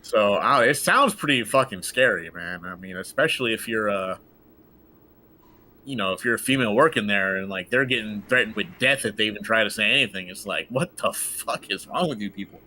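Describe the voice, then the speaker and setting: A man hosting a casual gaming podcast, swearing freely and telling stories with lively energy. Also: fairly low pitch, brisk, a little hiss or hum. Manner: profane, animated, acts out quotes. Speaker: podcast host.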